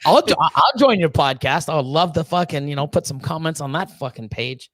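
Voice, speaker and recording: A man hosting a casual live show, telling stories in a profane, animated way, often laughing mid-sentence and acting out what others said. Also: a little high, brisk, dry recording. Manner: acts out quoted exchanges with voice changes. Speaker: host of a reptile-keeping live show. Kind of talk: casual live-stream chat.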